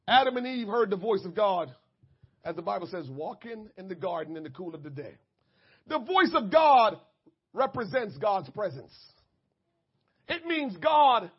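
A man with a very high voice preaches a sermon, calling out to the congregation and rising into shouted emphasis before dropping back to soft asides. The recording is dull and lo-fi. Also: slightly rough. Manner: addresses the congregation directly.

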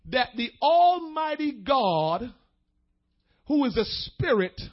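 A man preaching a sermon, shifting between quick asides, slow emphatic phrases and bursts of shouting. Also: very high-pitched, very animated, highs cut off. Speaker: pastor.

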